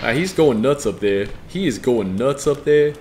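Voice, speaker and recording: Lively, profane male game streamer. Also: mid-range voice, moderate pace, music in the background. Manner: profane, joking, reads chat aloud. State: strained voice. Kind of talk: live gameplay commentary.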